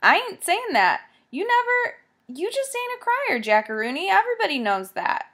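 A woman reading a storybook, voicing an easygoing, joking boy who talks in breezy slang and smooths things over. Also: very high voice, very animated, normal speed, a bit bright, pitched above the performer's own voice, full character voice. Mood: placating.

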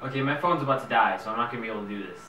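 A young man voicing his own clone, a blunt male double who answers in flat, matter-of-fact replies. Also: mid-range voice, very fast, roomy sound, background noise, natural voice.

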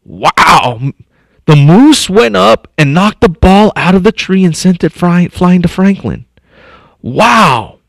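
An unhurried man with a high, creaky voice, recorded dry, reads a picture book aloud to young elementary schoolchildren. As district superintendent, he pauses often to comment and think aloud, animated throughout.

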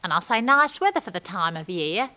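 A chatty young girl. She rambles along in ungrammatical gossip, and her bright voice leaps up and down. The whole piece is a comic stage monologue. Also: mid-range voice, very animated, a little fast. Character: chatty working-class young London woman.

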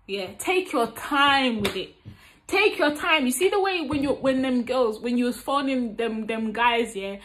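A woman talks straight to camera about relationships in a frank, playful way. Her voice sits a little high, and she often breaks into laughter as she teases and gives advice. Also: animated, measured pace, a bit bright. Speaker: vlogger giving relationship advice. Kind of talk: casual advice talk to camera.

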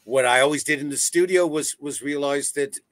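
A man, a voice actor telling stories in a casual interview, animated and swearing freely over a video call. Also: a little high, brisk, no room sound. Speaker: voice actor guest. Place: home setup on a video call.

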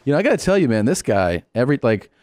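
A man hosting a casual podcast, telling a story with loose, rambling phrasing. His pitch swings up and down a lot, and the recording is close and dry. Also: very animated, racing, darkish tone, no room sound. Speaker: podcast host.

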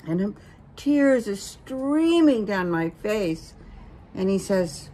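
An older woman in a casual family conversation, telling a story slowly and gently. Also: fairly low pitch, slight background noise, rough recording. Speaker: guest, the host's mother.

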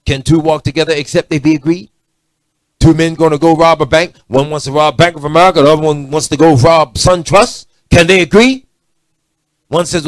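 A middle-aged man preaching a sermon, swinging from loud emphatic lines to low muttered asides. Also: brisk, no room sound. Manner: preachy, rising to shouts and dropping to low asides.

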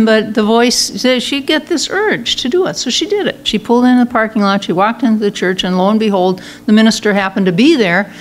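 A woman's voice: a little high, a little fast, hardly any pauses, a little hiss or hum. A woman minister giving a conversational Sunday talk in a church, telling a story with fillers and restarts. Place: church sanctuary.

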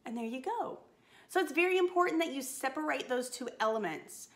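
A woman's voice: high voice, expressive, fairly quick. A woman voice teacher giving a singing lesson, upbeat and encouraging as she coaches a phrase.

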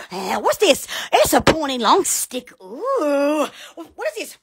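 A woman's voice: high-pitched, huge pitch swings, a little slow, hardly any pauses. A woman hosting a casual livestream, giggly and rambling with frequent exclamations. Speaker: livestream host. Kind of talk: casual Instagram livestream chat.

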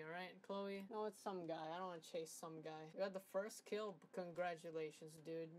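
A woman's voice: mid-range voice, slight background noise. Young woman trash-talking over gameplay. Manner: crude, profane trash talk with bursts of laughter. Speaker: gaming commentator. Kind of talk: casual gameplay commentary.

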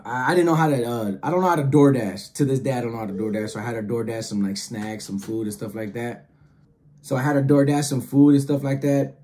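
A man telling a casual story in slangy, animated talk, acting out the other voices. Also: mid-range voice. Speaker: storyteller host.

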